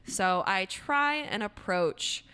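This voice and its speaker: A woman's voice: mid-range voice, lively intonation, slow, bright, forceful tone, clean tone. A woman co-hosting a podcast in casual chat, playful and reflective, swearing at times. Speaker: podcast co-host.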